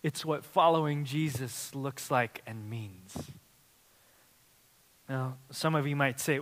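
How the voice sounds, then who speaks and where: A male pastor preaching a sermon with animated delivery, rising to loud emphasis and dropping to quiet, close passages. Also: mid-range voice, slow pace, pauses often. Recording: long hall reverb.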